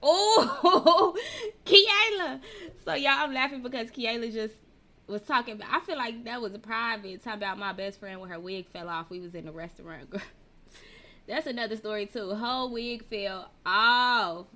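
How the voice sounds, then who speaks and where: A woman who teaches hosts a casual live-streamed podcast, speaking into a personal mic with a mid-range, sharp-toned voice at a steady tone and normal speed. She chats with viewers, reads their comments aloud, and laughs often.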